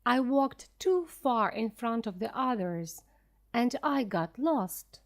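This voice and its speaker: A woman reads a simple adventure story for beginner learners. She speaks slowly and clearly, her pitch a bit high and her intonation lively. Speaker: narrator.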